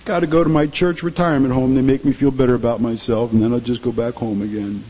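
A man's voice: mid-range voice, fairly even intonation, fast, mellow, highs cut off, pitched below the performer's own voice, natural voice. A man voicing a glum, self-pitying ordinary churchgoer who mutters about being nobody special. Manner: mopey, deflated, muttering.

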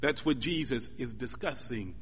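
A man preaching a sermon as pastor, measured and emphatic, building up through repeated lines. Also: medium pitch, big-room sound, slight background noise.

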